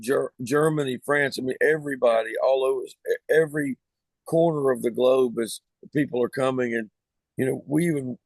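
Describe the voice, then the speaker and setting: A man's voice: mid-range voice, vocal fry, no room sound. A man with a Southern US accent, a band singer telling easygoing stories as a guest in a casual podcast interview.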